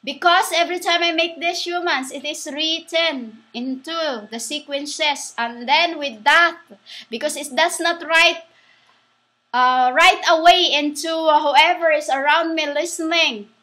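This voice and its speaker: A woman giving a rambling religious monologue, halting and restarting, spelling words out letter by letter. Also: high voice, steady tone, pushed and bright. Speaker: self-styled preacher.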